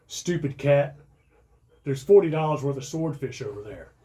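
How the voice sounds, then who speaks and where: A fed-up middle-aged father, as a storyteller acts him out yells at his household. His voice is raised and scolding, full of exasperation. Every line comes out as a loud rebuke. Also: mid-range voice, fairly quick, lightly acted.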